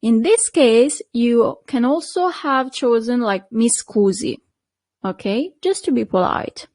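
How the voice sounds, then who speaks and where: A patient woman teacher with an Italian accent, her voice pitched a little high. She keeps checking on the learner as she goes. The sound is dry and close. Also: lively intonation, a little slow, darkish tone, no room sound. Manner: patient, checks in with frequent "okay?" and "perfect". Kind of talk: online language lesson.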